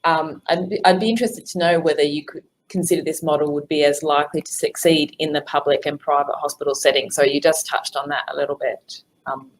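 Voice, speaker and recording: A woman's voice: sits low, steady tone, brisk, few pauses, poor audio. A woman moderating a conference session over a video call, reading out audience questions in a friendly way with many fillers. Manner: friendly, filler-heavy, reads questions aloud.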